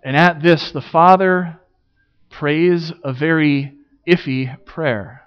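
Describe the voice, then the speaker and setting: A man preaching a sermon, building rhetorical questions with dramatic pauses. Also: fairly high pitch, steady tone, smooth, muffled recording. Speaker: pastor.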